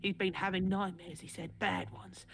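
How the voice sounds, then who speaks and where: A woman voicing a male wartime doctor who reads out his journal in a put-on Cockney accent, in a slow, measured live story reading. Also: on the low side, level tone, vocal fry. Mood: grave. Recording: noisy live stream audio.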